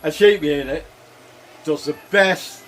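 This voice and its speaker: A man's voice: a little high, slow pace, fairly bright tone. Rambling older man cooking. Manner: rambling, chuckling, plain-spoken. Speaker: cooking vlogger. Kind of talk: casual cooking chat.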